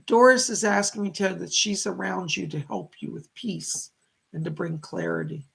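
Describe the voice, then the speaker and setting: A man's voice: high voice, steady tone, moderate pace, creaky, a bit bright, slightly rough. A middle-aged man hosting a live stream of psychic readings, gushing as he thanks viewers by name. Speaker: psychic medium host.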